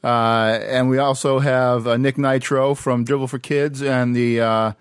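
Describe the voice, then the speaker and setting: A man hosting a casual podcast chat, relaxed and quick to laugh. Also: medium pitch, clear, resonant tone, no echo, clean studio sound. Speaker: podcast host.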